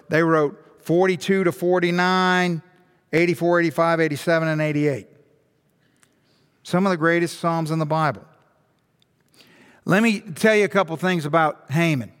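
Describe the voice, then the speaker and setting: Male pastor, high voice, animated sermon, rhetorical questions, long reverb of a big hall. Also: smooth.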